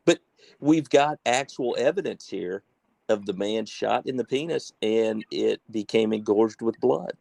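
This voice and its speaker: A man co-hosts a relaxed podcast, reacting and questioning the storyteller. His voice is gravelly, with plenty of vocal fry, and the sound is dry and close. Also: on the low side, measured pace, no echo. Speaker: podcast co-host. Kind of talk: casual chat.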